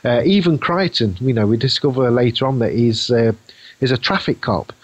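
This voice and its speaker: A man's voice: medium pitch, moderate pace, no room sound, low-quality recording. Rambling man. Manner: rambling, musing, frequent fillers. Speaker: podcast co-host. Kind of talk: casual chat.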